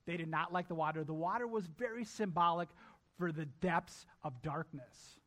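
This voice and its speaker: A man's voice: fairly high pitch, moderate pace, a bit bright. A male pastor preaching a sermon emphatically, repeating key lines and addressing his congregation directly.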